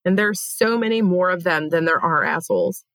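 Young woman co-host, low-pitched, frank and profane, dry studio mic. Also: brisk, a bit bright, no room sound. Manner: candid, swears freely. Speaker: podcast co-host. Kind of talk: casual chat.

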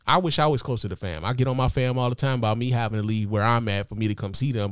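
A man's voice: medium pitch, fast, hardly any pauses, clear, resonant tone, no echo, studio quality. A man hosting a podcast, talking through sports commentary in a loose, profane, conversational way with lots of fillers. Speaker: podcast host. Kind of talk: casual commentary monologue.

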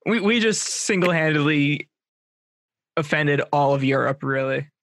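A young man in his twenties chats on his podcast, a touch high in pitch. He jokes around and laughs easily. The recording is dry and close, with no room sound. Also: lively intonation, measured pace, fairly bright tone, no echo. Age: 20s. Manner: joking, laughs often. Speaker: podcast co-host. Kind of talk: casual podcast chat.

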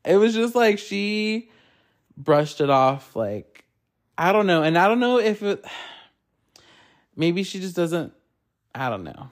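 A man hosting a podcast, chatting casually and gossiping in a rambling, animated way, swearing often and filling his talk with "like.". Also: high-pitched, slow pace, long pauses. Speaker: podcast host.

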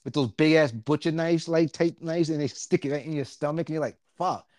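A man co-hosting a casual podcast, talking about a horror movie in an animated, profane way and acting out reactions as he goes. His voice sits a bit high for a man. The sound is dry and close. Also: brisk, no echo.

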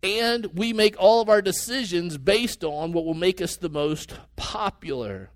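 A man preaching a sermon as a pastor, earnest and conversational, with sudden rises in pitch and pace. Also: expressive, unhurried, dry recording.

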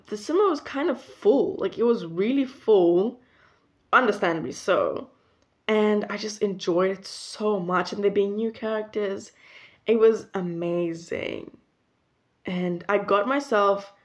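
A young woman vlogging, telling a personal story in a casual, chatty way, with lots of "like" and restarts. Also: medium pitch. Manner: chatty, animated, full of "like" and restarts. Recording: dull lo-fi recording.

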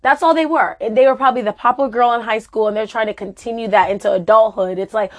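A woman co-hosting a casual chat, opinionated and quick to laugh. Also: fairly high pitch. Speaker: podcast co-host. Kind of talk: casual chat about reality TV.

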